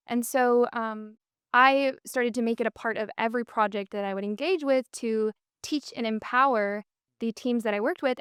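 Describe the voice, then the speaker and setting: A woman's voice: mid-range voice, smooth, no room sound, clean studio sound. A woman with a Minnesota accent, a podcast guest telling her story in an upbeat, fluent way with frequent "um" and "and so.". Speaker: podcast guest, business co-founder. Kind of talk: casual interview conversation.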